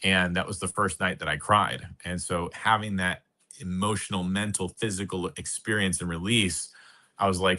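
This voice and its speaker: A man with a very low voice and a bright, forceful edge tells his story as a podcast guest. He speaks earnestly and slowly, leaning into heavy pauses. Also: steady tone. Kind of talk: personal storytelling.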